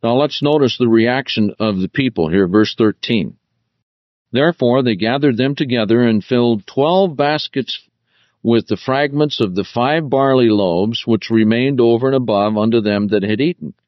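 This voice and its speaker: A man teaching through the Bible verse by verse, deliberate, stressing key words as he explains them. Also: medium pitch, no echo, muffled recording.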